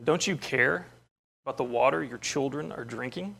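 A pushy, gravelly-voiced plumber, as a preacher puts him on while telling a story in a sermon. He talks in an insistent, dismissive way, like a salesman brushing off an obvious problem. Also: mid-range voice, normal speed, fairly bright tone. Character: pushy male plumber with misplaced priorities.

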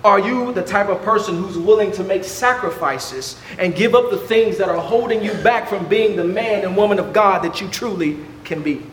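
A man preaching a fervent sermon, firing rhetorical questions and stumbling into quick restarts. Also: high-pitched, reverberant.

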